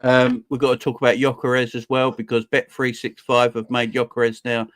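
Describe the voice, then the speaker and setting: A young man hosting a football fan livestream, casually and cheerfully shouting out viewers in the chat. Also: mid-range voice, flat delivery, moderate pace, dry recording. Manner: upbeat, shouting out viewers by name. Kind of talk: casual live-stream chat.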